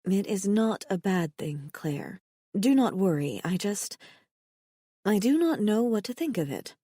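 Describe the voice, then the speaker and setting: A woman doing a soft-spoken alien woman. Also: mid-range voice, very animated, unhurried, slightly rough, no echo, clean studio sound. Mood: mild. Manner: formal speech without contractions; soft and mild. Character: gentle, sorrowful young alien woman.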